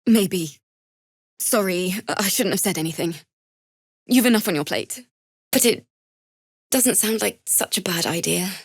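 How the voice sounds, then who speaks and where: A woman's voice: mid-range voice, measured pace, long pauses, slightly rough, dry recording, clean studio sound. A woman voicing a young bard in a video game, earnest and grieving, who swings from shy apologies to sudden anger. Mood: earnest, apologetic. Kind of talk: video game character dialogue.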